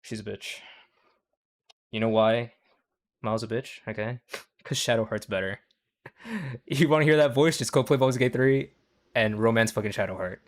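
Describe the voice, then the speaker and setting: A young man streaming with a somewhat low voice, reacting to clips on the fly. He swears constantly, wanders from point to point and caps his takes with a quick "okay?", laughing at his own jokes as he goes. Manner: profane, rambling, tags lines with "okay?". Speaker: livestream host reacting to clips. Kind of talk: casual stream commentary.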